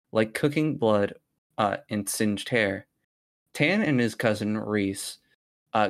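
A man hosting a podcast who reads a horror story aloud in a casual, profane way and breaks off to chat. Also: medium pitch. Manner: profane, breaks off into side chatter. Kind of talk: casual story reading with banter.

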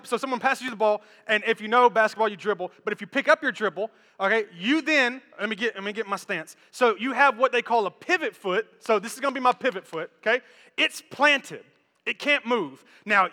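High bright-voiced male pastor preaching. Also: long reverb tail. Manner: animated, conversational, repeats words, jokes with congregation. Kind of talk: energetic sermon with stage demonstration. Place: church.

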